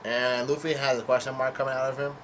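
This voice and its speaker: Dude recapping a manga chapter, lots of uh and um, fixes himself a lot, medium voice, faint hiss. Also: male voice, medium pitch, flat delivery, fast, fairly bright tone. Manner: hesitant, full of fillers and self-corrections, casual swearing. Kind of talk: casual chapter recap read-through.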